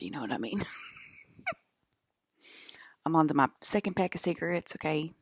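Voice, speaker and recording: A woman's voice: low voice, sing-song, moderate pace, pauses often, slightly rough, no room sound, clean studio sound. A woman vlogging to her camera in a loose, rambling monologue, laughing often and swearing freely.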